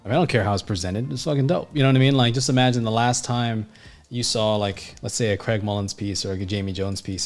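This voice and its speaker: Faint music plays behind a man with a fairly low voice who talks quickly. An art instructor and designer teaching over a livestream, he's blunt and foul-mouthed, stuffing his speech with fillers like "you know what I mean," rambling emphatically and restarting often.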